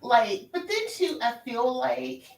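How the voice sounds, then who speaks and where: Woman, somewhat high voice, very lively, laughs a lot, casual stream chat, echoey room, set back from the mic. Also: slow, creaky, far from the mic, slight background noise.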